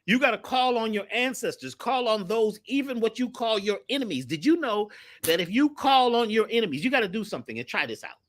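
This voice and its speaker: A man with a bright, ringing voice tells his stories with lots of energy. His pitch climbs high and dips low as he acts out the people in them. He talks casually and drops slang as he goes. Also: very animated, fairly quick. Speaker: guest. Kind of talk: animated storytelling.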